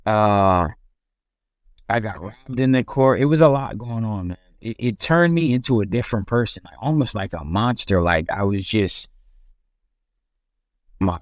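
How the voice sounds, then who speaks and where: Halting young man telling his story. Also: fairly low pitch, no echo, clean studio sound. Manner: halting, frequent restarts and fillers. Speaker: podcast guest. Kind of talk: casual personal storytelling.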